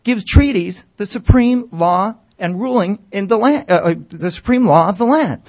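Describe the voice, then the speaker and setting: A man's voice: high voice, expressive, normal speed, darkish tone, pitched above the performer's own voice. A man doing a smug taunting corporate neighbor. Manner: taunting, calls people dude and buddy. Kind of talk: comic monologue.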